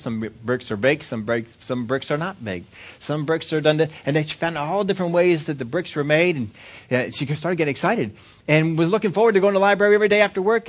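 A man preaching, telling a story in an earnest, repetitive way that builds in excitement. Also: a little high. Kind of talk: sermon storytelling.

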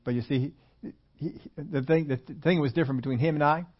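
A man's voice: a little high, brisk, husky, lo-fi sound. An older man preaching a sermon in a church, talking in a folksy, conversational way with many repetitions. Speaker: pastor.

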